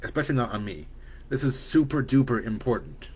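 A man reading the part of a worried, loving young mother who speaks gently but firmly to her son. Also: mid-range voice, big pitch swings, fairly quick, slightly rough. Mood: firm, gentle.

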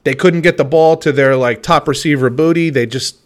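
Man, casual sports chat, relaxed, rambling, hedging, podcast co-host. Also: a little high, fairly quick.

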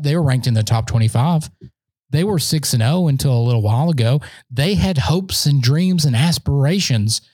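A man hosting a solo sports podcast, talking in an excitable, boastful fan rant while standing in a room. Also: fairly high pitch, breathy edge, dry recording.

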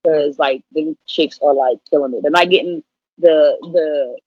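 A woman's voice: low-pitched, a little slow, breathy edge, dry recording. A woman in her thirties, a professional wrestler, chatting casually and playfully in an interview, full of slang. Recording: dull lo-fi audio.

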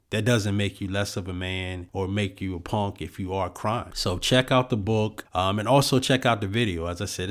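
Guy doing a solo book review podcast, earnest and reflective, kinda low voice, says you know a lot.

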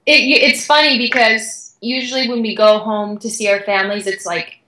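A young woman guest, an athlete, telling a story in an excited, chatty way with many "like"s. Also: on the high side, normal speed, echoey room, poor audio. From Canada. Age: young adult. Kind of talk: animated storytelling.

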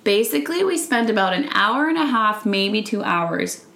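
Animated woman telling a faith story. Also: medium pitch, normal speed, echoey room. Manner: animated storytelling, acts out quotes. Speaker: podcast co-host. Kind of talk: casual faith chat.

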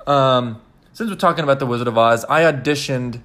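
A man's voice: mid-range voice, fairly quick, fairly bright tone. Rambling, foul-mouthed podcast host guy. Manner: rambling, swears a lot, many fillers. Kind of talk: casual chat.

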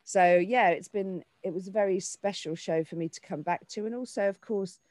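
A woman in her forties, an actor and children's author, talking in an animated way in a casual interview, often restarting her sentences. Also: medium pitch, normal speed, dry recording. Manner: animated, with frequent restarts and fillers.

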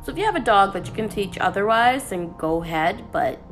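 A woman talking casually to her viewers in an anime review, chatty and animated, with playful asides. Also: medium pitch, a little fast, faint music behind.

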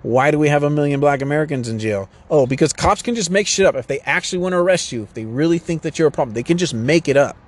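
A man's voice: on the high side, animated, fast talker, hardly any pauses. Profane, rambling man ranting urgently. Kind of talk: casual rant to camera.

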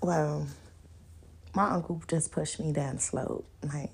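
A young woman hosting a podcast, chatting casually and telling loud, animated stories full of laughter and acted-out quotes. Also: low voice, slow, creaky, breathy edge. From New York and the countryside. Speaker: podcast host. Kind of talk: casual solo podcast chat.

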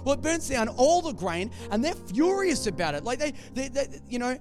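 High-voiced man preaching a conversational sermon. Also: sing-song, normal speed, soft background music. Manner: conversational, joking storyteller.

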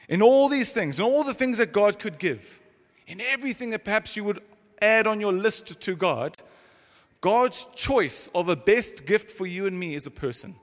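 Man, pastor, emphatic sermon, high voice, long church reverb. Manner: emphatic, varies pace and volume for stress.

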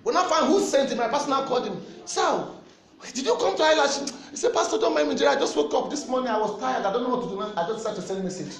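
A Nigerian man preaching a sermon with fervent, animated delivery and shouted refrains. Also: very high-pitched, fast talker, reverberant.

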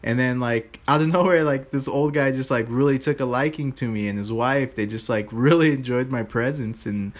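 A man's voice: medium pitch, normal speed, few pauses. A young man casually telling his viewers a story from his sales job, rambling with fillers and restarts and acting out what people said. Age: young adult. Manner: animated, acts out quoted voices. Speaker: store salesperson.

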